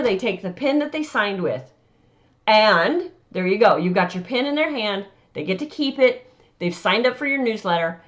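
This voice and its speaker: A lo-fi recording catches a woman speaking on the high side. She's an author talking casually to camera about selling at vendor markets, chatty and emphatic, and she frequently acts out dialogue with customers.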